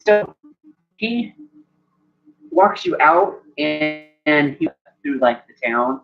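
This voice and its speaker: A man's voice: fairly high pitch, lively intonation, takes it slowly. A man narrating a tabletop game as game master, rambling and full of "like" fillers. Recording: dull lo-fi sound, faint music.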